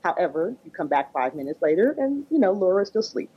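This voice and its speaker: This woman is a therapist and parenting coach on a podcast. Her voice is low and slightly husky, and she talks at a brisk pace. She explains her ideas by acting out everyday scenes, and the recording sounds muffled and lo-fi. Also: sing-song. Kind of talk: conversational podcast interview. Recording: dull lo-fi audio.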